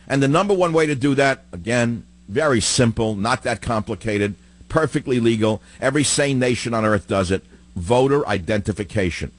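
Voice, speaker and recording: Man, talk radio host, political monologue, combative, rhetorical questions, repeats points, loud bursts then low mutters, mid pitch. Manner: swings between loud outbursts and low muttering.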